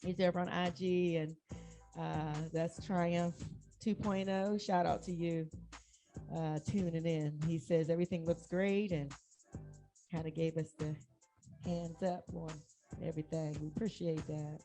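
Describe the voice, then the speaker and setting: A woman hosting a casual music talk show, playful, laughing often and giving shout-outs to listeners. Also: fairly low pitch, little pitch movement, a little slow. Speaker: show host. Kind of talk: casual radio-style chat.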